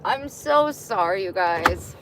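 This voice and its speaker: A woman talks straight into her handheld phone, venting to her viewers in a frank, chatty way. Her voice sits at an ordinary pitch. Steady outdoor noise and passing vehicles run clearly behind her. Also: slow. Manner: cooing baby talk to cats, then frank venting to viewers. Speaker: vlogger. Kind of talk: casual vlog chat. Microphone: phone held in hand.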